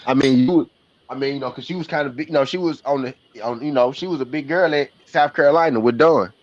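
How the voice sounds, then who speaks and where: Over dull, lo-fi stream audio, a man with a Southern accent runs a basketball watch party live, cracking jokes, talking trash, and laughing often in a slangy, casual way. He speaks at a medium pitch and a quick pace.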